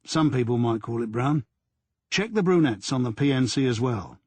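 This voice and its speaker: A man reading a brusque senior detective who snaps orders at his team. The voice is husky and close, with no room around it. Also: mid-range voice, lively intonation, normal speed, darkish tone, no room sound. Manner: curt, snappish commands. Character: gruff blunt male police superintendent.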